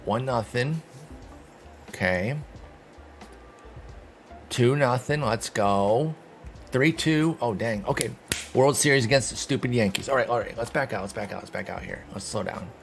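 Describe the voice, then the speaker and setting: A man giving casual, excitable commentary while playing a sports video game, talking to his viewers and mocking himself. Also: medium pitch, a little slow, vocal fry, long pauses, faint music behind. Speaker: gaming video host.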